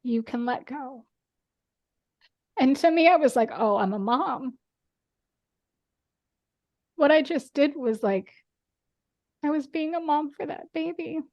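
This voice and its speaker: A woman guest on a podcast, talking earnestly in casual chat, with quick bursts and lots of "like". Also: high-pitched, expressive, dull audio.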